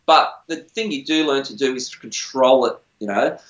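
A middle-aged man who is a musician on a TV singing show tells rambling, self-deprecating, chatty stories during a casual interview. His voice is medium-pitched and fairly bright, at a normal speed. Roomy, dull lo-fi audio.

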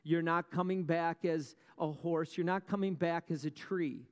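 A man serving as pastor preaches in a large church hall, his steady, somewhat high voice trailed by a long echo. He weaves stories with dramatic pauses, rhetorical questions, and wry asides to the congregation.

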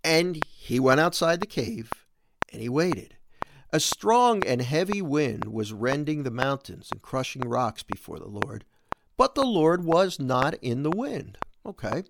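A man hosts a spoken reflection on scripture, earnest and animated, his fairly high voice swinging widely in pitch. He leans into the quoted lines as if acting them out. The recording carries clear background noise and clicks. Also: unhurried. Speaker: host. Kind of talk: catholic radio talk reflecting on scripture.

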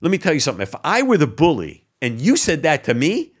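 A man's voice: on the high side, wildly swooping pitch, brisk, few pauses, husky. A man hosting an opinion commentary show, sarcastic and exasperated, mocking what he reads out with scoffing laughs. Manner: indignant, exasperated. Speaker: political commentary host.

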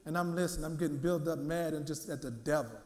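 Male minister, high voice, lively storytelling sermon with lots of repetition. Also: quick pace, reverberant. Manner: lively storytelling, repeats words, acts out quotes. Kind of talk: sermon with personal testimony.

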